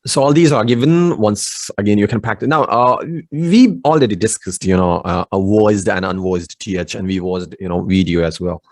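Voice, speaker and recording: A man teaching spoken English online, slowly drilling pronunciation and answering each word with short affirmations. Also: on the low side, darkish tone, dry recording.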